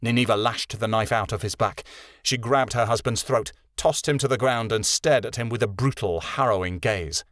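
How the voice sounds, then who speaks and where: A man reading a fantasy audiobook in a measured, dramatic narration. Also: lowish voice, a bit bright, no room sound, clean studio sound.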